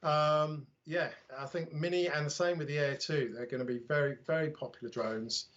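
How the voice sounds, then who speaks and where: A man's voice: fairly high pitch, fairly even intonation, normal speed, a bit bright. Chatty British man on a muffled line. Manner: chatty, self-deprecating, anecdotal. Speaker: drone YouTuber guest. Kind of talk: casual livestream chat.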